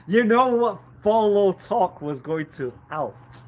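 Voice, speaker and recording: A man's voice: sits high, lively intonation, slow pace, a little mellow, low-quality recording. A man in a rambling live-stream monologue, lecturing with repeated rhetorical questions, laughing often and repeating himself. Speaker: livestreamer.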